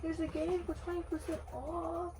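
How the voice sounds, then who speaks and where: A woman's voice: very high-pitched, little pitch movement, moderate pace. A woman bantering playfully off camera with the cook in a home kitchen. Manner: playful, teasing. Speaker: helper off camera. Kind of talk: casual banter. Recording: distant and very noisy.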